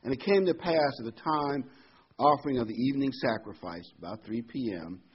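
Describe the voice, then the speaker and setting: A man teaching a Bible study in a casual, storytelling way, jumping up in pitch when he quotes people. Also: animated, a little fast, slightly rough. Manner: conversational, storytelling, jumps to a higher pitch for quoted voices. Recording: dull lo-fi sound.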